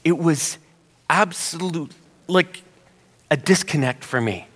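A man preaching a sermon, telling a story in an animated way and getting higher and livelier as he gets excited. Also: takes it slowly. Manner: animated storyteller, rising pitch when excited. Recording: long hall reverb.

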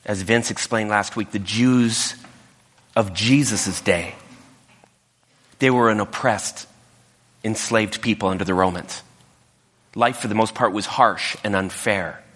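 Low-voiced male preacher telling a story. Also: unhurried, pauses often. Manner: animated storytelling. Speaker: pastor. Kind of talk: sermon. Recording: reverberant hall.

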